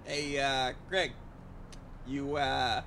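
A man voicing a calm boyfriend with a Boston accent who tries to settle a custody fight. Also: mid-range voice, drawn-out words, a little hiss or hum, full character voice. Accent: Boston (attempted). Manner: calm, soothing.

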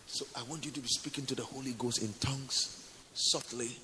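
In a reverberant hall, a male preacher gives a sermon with a personal testimony, addressing listeners intimately as honey and sweetheart. His medium-pitched voice is fairly quick and sharp-toned, with fairly even intonation.

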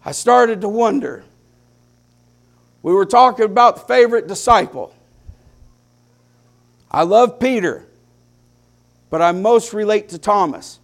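A man delivers a sermon in a high, gravelly voice. He preaches slowly and deliberately, letting phrases stretch out. He swings between hushed, quiet passages and loud, impassioned peaks. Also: animated.

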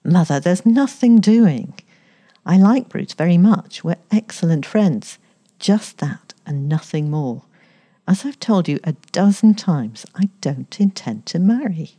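A woman reading aloud who voices a headstrong, lofty young woman, a little higher than her narration. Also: expressive, measured pace, mellow. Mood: spirited.

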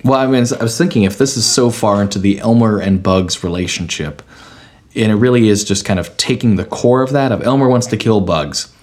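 A man's voice: on the low side, lively intonation, brisk, a little mellow. A man co-hosting a podcast, walking through his ideas in a playful, analytical way. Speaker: podcast co-host. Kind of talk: casual chat.

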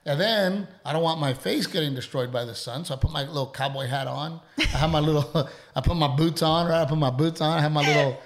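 A man's voice: on the high side, fast, hardly any pauses, a little hiss or hum. A young adult man telling a story on a podcast, acting out quotes and swearing freely. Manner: animated, acts out quotes, swears. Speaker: podcast co-host. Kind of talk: casual storytelling chat.

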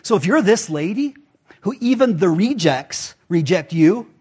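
A man's voice: high voice, lively intonation, a little slow, a little mellow, breathy edge. A man pastor giving a casual, conversational sermon, full of rhetorical questions to the congregation.

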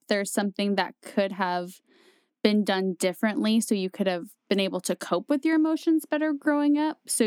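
A woman hosting a podcast, asking gentle, supportive follow-up questions. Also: mid-range voice, clear, resonant tone, no echo, studio quality. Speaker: podcast host. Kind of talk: casual interview.

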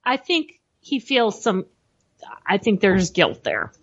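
A woman's voice: medium pitch, big pitch swings, slow pace, breathy edge, highs cut off. A woman co-hosting a casual book discussion, thinking aloud in a thoughtful, reasoning way. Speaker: podcast co-host.

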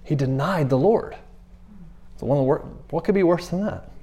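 Animated conversational male preacher. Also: fairly high pitch, moderate pace. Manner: animated, repeats himself, acts out quotes in passing. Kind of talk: conversational sermon.

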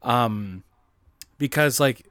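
A man's voice: mid-range voice, very slow, fairly bright tone, no echo, clean studio sound. A man in his twenties chatting casually on a podcast, rambling with lots of filler words and laughing through his stories. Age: 20s. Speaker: podcast co-host.

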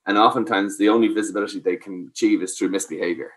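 A man's voice: on the low side, fairly even intonation, fast talker. A man giving parenting advice, explaining patiently and checking that the listener follows. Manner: explains patiently, asks "does that make sense?". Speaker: parenting expert. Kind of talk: advice talk.

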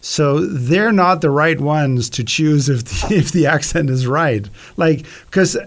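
A man's voice: a little high, slow. Man thinking aloud in casual chat. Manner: thinking aloud, working through ideas.

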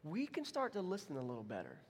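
A young adult male pastor preaches in a church sanctuary, telling stories in a relaxed, conversational way and voicing quotes with big swings. He talks fast, and his slightly high voice has a breathy edge, with long hall reverb trailing each phrase.

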